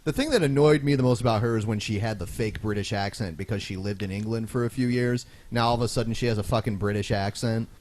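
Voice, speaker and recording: Male co-host, lowish voice, blunt ranter. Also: fast, few pauses, darkish tone. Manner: opinionated, ranting. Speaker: podcast co-host. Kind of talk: casual ranting chat.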